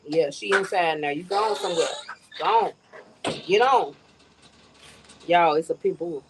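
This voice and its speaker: Speaking unhurriedly in a low-leaning voice, a middle-aged woman hosts a relaxed outdoor live stream on her phone. She chats with her viewers and laughs often while in a yard. Faint outdoor sounds, including crickets, come through.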